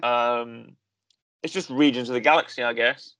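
A man talks through a review in a loose, rambling way, full of fillers and restarts. His pitch sits in a middle range. The sound is dry and close. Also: normal speed, a bit bright, no room sound. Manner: rambling, self-correcting, lots of fillers. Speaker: podcast host reviewing a series. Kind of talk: casual conversational review.

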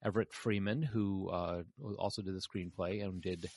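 A man's voice: low voice, fairly even intonation, moderate pace, a little mellow, no room sound, clean studio sound. A man hosting a casual podcast chat, reading out film credits and trailing off mid-sentence. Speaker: podcast host.

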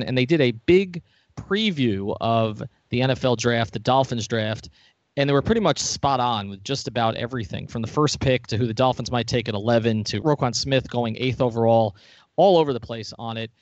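A man's voice: mid-range voice, a little fast, dry recording, lo-fi sound. A man hosting a sports podcast, talking in a chatty, enthusiastic way. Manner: chatty, enthusiastic, laughs often. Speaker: podcast host. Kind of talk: casual sports podcast chat.

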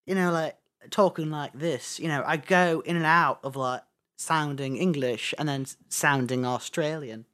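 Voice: mid-range voice, moderate pace, smooth. A young co-host chatting casually, joking and slipping into impressions. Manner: animated, jokey, slips into impressions. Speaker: podcast co-host. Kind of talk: casual chat.

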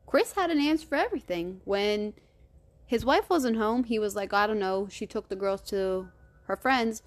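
A woman hosting a true crime podcast, retelling the case in a casual, animated way, cursing freely and acting out the quoted lines. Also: a little high.

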